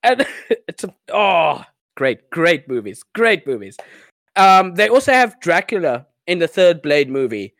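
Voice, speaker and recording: Excitable man gushing on a podcast. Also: on the high side, unhurried, no room sound. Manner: enthusiastic, gushing, laughs often. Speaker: podcast co-host. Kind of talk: casual podcast chat.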